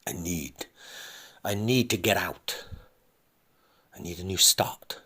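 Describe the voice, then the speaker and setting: A man's voice: deep voice, takes it slowly, sharp tone, breathy edge, heavily acted. Man voicing a distraught abandoned middle-aged wife. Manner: pleading, breathless, often dropping to a whisper.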